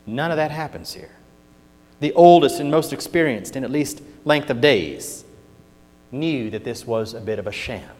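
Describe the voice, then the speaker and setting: Preacher with folksy emphatic delivery. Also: male voice, mid-range voice, lively intonation, moderate pace. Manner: swings from hushed scripture reading to loud emphatic points; folksy turns of phrase. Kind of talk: sermon. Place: church sanctuary. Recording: long hall reverb.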